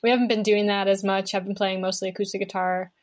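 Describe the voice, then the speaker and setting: A young adult woman chatting as a guest musician, relaxed and rambling, with lots of fillers and restarts over a remote call setup. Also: medium pitch, fast. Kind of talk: casual chat.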